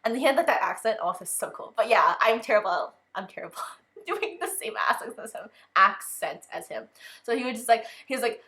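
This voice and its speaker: A woman's voice: on the high side, animated, fairly quick, fairly bright tone. A young woman vlogging in a casual unboxing chat, talking loosely and filling nearly every phrase with "like". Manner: chatty, fills with "like" constantly.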